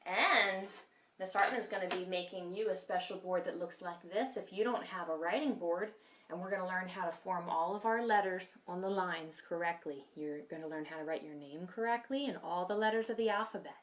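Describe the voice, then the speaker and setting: A woman teaches a kindergarten lesson in a bright, sing-song voice made for small children. Her voice bounces around a bare classroom. The mic sits some distance away, so she sounds a little distant and hollow. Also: on the low side, fairly quick. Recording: echoey room, mic set back.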